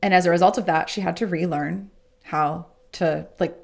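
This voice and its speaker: A woman with a slightly low, gravelly voice, speaking as a guest in a casual podcast interview. She tells a personal story in an earnest, reflective way. Her tone stays conversational and sincere. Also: normal speed. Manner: acts out remembered dialogue in lively voices.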